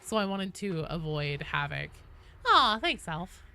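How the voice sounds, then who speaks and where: A young woman with a bright, forward, nasal voice, chatting casually with her stream audience. Her pitch swings widely as she reads chat and reacts between rounds. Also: very animated, measured pace, gravelly, smooth.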